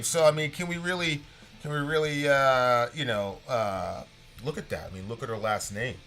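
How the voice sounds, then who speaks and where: A man in his thirties, a podcast co-host, giving animated, emphatic political commentary that rambles with restarts. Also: fairly high pitch, fairly quick, faint music behind.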